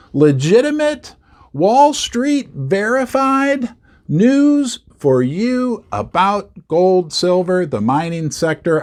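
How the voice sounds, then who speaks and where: Middle-aged man, market commentary host, lively swooping pitch, slightly high voice, emphatic repeats. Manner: animated, emphatic, repeats words for stress.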